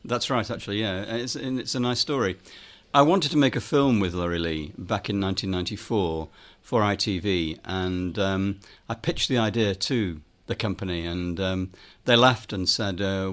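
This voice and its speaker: A man's voice: low-pitched, normal speed, hardly any pauses, fairly bright tone. A man, a filmmaker and author, telling a story in an interview, with lots of ums and quoted dialogue.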